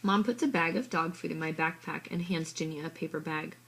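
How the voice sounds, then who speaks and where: A woman reading a children's story in the first person, with a soft, even, husky voice. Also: low voice, brisk, a little hiss or hum. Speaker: audiobook reader. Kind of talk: storybook narration.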